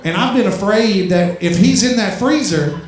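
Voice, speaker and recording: A young adult man from Louisiana doing a stand-up set on a club stage, storytelling with lots of swearing and loud, high punchlines. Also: moderate pace. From Louisiana, USA. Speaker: stand-up comedian. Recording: very echoey club room.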